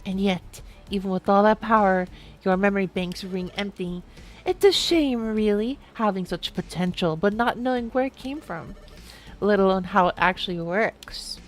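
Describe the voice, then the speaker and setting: A man voicing a calm, menacing male robot who once hosted a strange power, explaining things in a smooth villain monologue. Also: high voice, normal speed, faint music behind, lightly acted. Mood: ominous.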